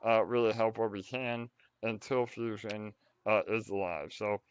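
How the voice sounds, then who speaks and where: A man hosting a casual project update on a call, halting and full of fillers. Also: fairly low pitch, fairly even intonation, smooth, dry recording, highs cut off.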